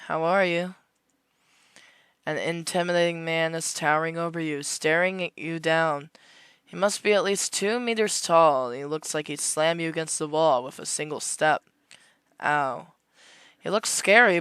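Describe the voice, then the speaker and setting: Excitable high-voiced male game streamer. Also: normal speed, smooth, no echo. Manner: excitable, erupts into high shouting. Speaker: streamer playing a visual novel. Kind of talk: reading game text aloud, playing both sides.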